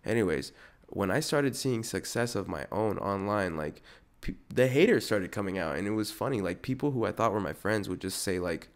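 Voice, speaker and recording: A man's voice: lowish voice, expressive, normal speed. A man hosting a podcast in a casual, rambling rant, full of "like" and "dude". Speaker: podcast host.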